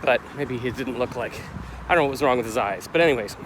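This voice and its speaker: A man's voice: medium pitch, fast talker. Rambling middle-aged man, street noise behind. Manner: rambling, self-questioning, gets heated retelling the clash. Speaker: vlogger. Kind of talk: casual confessional vlog.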